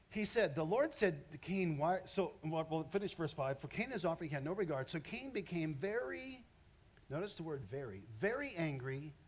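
Man in his 50s, preacher, lively conversational sermon, fairly high voice, dull lo-fi sound. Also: slightly rough. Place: church stage.

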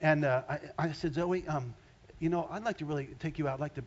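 A man's voice: on the high side, fast talker, muffled recording. Older man preaching, conversational and emphatic. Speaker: pastor. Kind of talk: sermon.

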